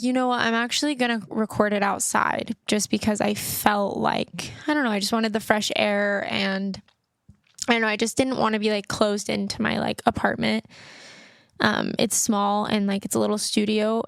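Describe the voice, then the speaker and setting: A woman's voice: medium pitch, creaky, dry recording, studio quality. A woman hosting her podcast in a rambling, chatty way, full of "like," recording outdoors on her phone. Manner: rambling and chatty, heavy use of "like". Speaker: podcast host. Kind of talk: casual solo chat.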